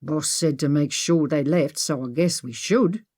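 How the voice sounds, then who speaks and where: A woman's voice: low-pitched, a little slow, a little mellow, breathy edge. A woman doing a curt gunman guard. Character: gruff male gunman guard.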